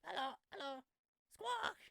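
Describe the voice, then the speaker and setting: A man doing a shrill squawky parrot in a game, pitch leaping way up high and wild, stubborn little bird repeating itself. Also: expressive, a little slow, vocal fry, bright, forceful tone, no echo, studio quality, heavily acted. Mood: squawking.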